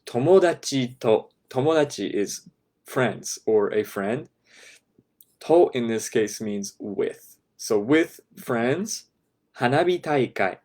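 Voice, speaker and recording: A man teaching a class, patiently breaking phrases down step by step and checking in with "right?", sometimes dropping to a soft, quiet voice. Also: medium pitch, animated, takes it slowly. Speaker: language teacher. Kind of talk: explaining a lesson to a class.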